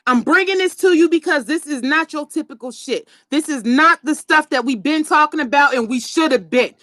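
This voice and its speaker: A woman giving a blunt, profane motivational rant on a live stream, preaching and often shouting for emphasis. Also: high voice, moderate pace, dry recording.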